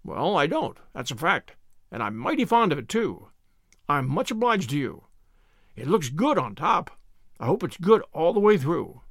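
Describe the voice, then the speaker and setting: A man reading aloud and voicing a blunt, hasty old farmer who speaks his mind briskly. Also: fairly high pitch, big pitch swings, no echo, clean studio sound. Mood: blunt, friendly. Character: gruff outspoken older farmer, hasty but kindly.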